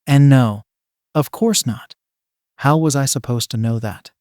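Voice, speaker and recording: A man's voice: mid-range voice, measured pace, a little mellow, smooth, no echo, studio quality, close to an everyday voice. A man reading the lines of a flustered young girl who stammers and pleads in panic. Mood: panicked.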